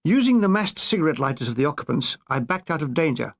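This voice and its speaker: An older man reading his own comic memoir with wry, deadpan asides. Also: on the high side, fast talker, gravelly. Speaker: author narrating his memoir.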